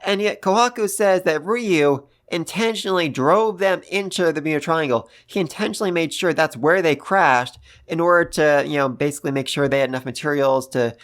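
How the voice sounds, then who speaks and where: Excitable, gushing reviewer. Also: medium pitch, fairly quick, few pauses. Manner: gushing, excitable, gasps and laughs; repeats phrases for emphasis. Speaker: manga chapter reviewer. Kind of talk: casual commentary.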